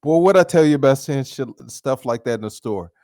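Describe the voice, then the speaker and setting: A man's voice: mid-range voice, lively intonation, a little fast, mellow, no room sound, clean studio sound, pitched above the performer's own voice, close to an everyday voice. A man quoting a mother scolding her young son.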